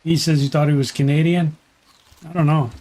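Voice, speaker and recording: A man's voice: on the high side, fairly even intonation, brisk, darkish tone. A man streaming a survival game, chatting casually and thinking aloud while he plays. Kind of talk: casual gameplay commentary.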